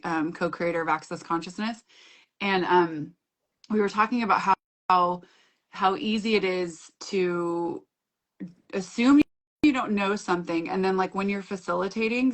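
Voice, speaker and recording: A woman's voice: medium pitch, fairly bright tone. A woman in her forties, a class facilitator, talking casually on a video call and acting out her own quoted dialogue with frequent laughs.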